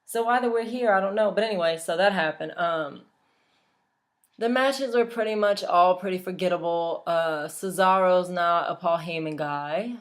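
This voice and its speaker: A woman's voice: fairly low pitch, moderate pace. A young woman from Louisiana, chatting casually and bluntly, swearing freely as a vlogger. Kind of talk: casual chat.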